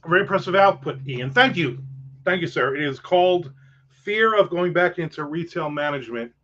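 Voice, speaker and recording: A man's voice: fairly high pitch, lively intonation, normal speed, a bit bright. A man hosting a casual livestream chat, rambling with profane jokes and asides. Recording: dull lo-fi sound.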